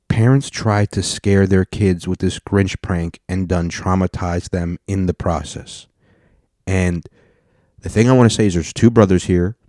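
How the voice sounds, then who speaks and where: A young man hosting a podcast, telling stories and reacting to videos in an animated, swearing, joking way. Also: deep voice, no echo, clean studio sound. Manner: animated storytelling, swearing, acting out people. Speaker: podcast host. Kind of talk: casual reaction commentary.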